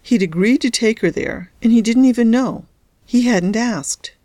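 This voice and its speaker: A woman's voice: fairly high pitch, unhurried, dark tone, no room sound, studio quality. A woman hosting a story podcast, reading narration and adding casual, wry comments.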